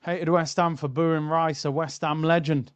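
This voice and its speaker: A young man hosts a football watchalong, chatting and joking with his viewers. His voice sits a little high and sounds smooth and clear. The sound is dry and close to the mic. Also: level tone, normal speed, dry recording. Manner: banter, reacting and reading out chat. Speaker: streamer hosting a football watchalong. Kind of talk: casual live-stream chat.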